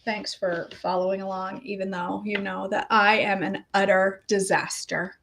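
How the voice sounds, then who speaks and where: This middle-aged woman, a health coach vlogger, talks casually to her viewers, rambling and making light of herself. Her mid-range voice has a fairly bright tone and a flat delivery at a moderate pace.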